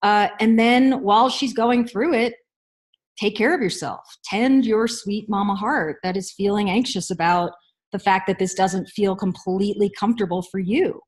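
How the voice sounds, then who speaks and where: Woman, parenting coach; reflective, pausing, mid-range voice. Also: medium pitch. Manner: reflective, measured, with thoughtful pauses and fillers. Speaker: parenting coach answering listener questions. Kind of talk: unscripted advice talk.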